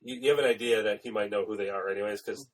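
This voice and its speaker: Man, podcast co-host, casual movie recap, swearing, laughs a lot, husky low voice, distant mic. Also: racing. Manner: swearing, laughs often, acts out quotes. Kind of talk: casual chat retelling a film plot.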